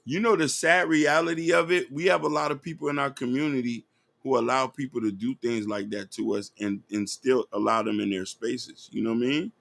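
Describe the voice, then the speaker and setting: A man's voice: medium pitch, steady tone, brisk, creaky, fairly bright tone. A man hosting, casually commenting on a clip, rambling with stumbling restarts. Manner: rambling, with stumbling restarts and "you know what I mean". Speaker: host reacting to a clip.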